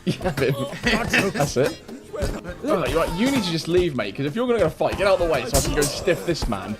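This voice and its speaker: A man streaming a fighting game, reacting loudly, repeating himself and laughing often. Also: fairly high pitch, big pitch swings, quick pace, over loud music. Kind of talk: excited gameplay commentary.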